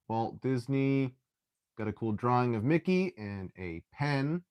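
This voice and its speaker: A young man hosting a live stream, chatting casually while he builds, often restarting sentences and clearing his throat. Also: fairly low pitch, darkish tone, no room sound, clean studio sound.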